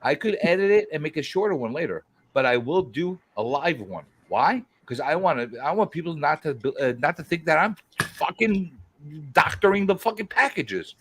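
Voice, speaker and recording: A man hosting a casual livestream chat, greeting viewers in a quick, excitable, profane way. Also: on the high side, slight background noise. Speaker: host.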